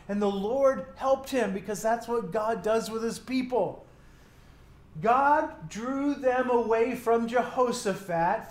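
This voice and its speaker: A man preaching a sermon, retelling a scripture story and acting out the quotes with lively asides. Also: high voice, reverberant.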